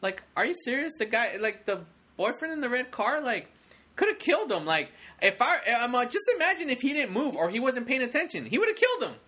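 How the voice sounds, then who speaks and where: A young man co-hosting a casual movie chat, rambling and excitable with many restarts. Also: extremely high pitch, a little fast. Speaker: podcast co-host.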